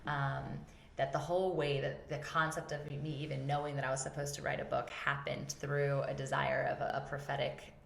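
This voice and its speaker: A woman hosting a casual faith talk, telling a personal story with animated acted-out quotes. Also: rumbling low, fairly quick, gravelly, roomy sound, slight background noise. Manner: animated, acts out her own quotes. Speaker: podcast host.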